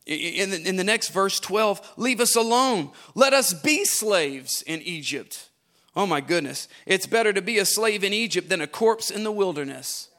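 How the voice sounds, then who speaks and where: A man preaching a livestreamed sermon, swinging from hushed, slow lines to shouted, sing-song repeated phrases. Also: high-pitched. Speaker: pastor.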